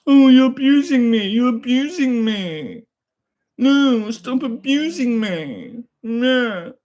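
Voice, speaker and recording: A man putting on a high, sneering voice to mock a whiny critic. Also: big pitch swings, slow pace, darkish tone, full character voice. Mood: whining.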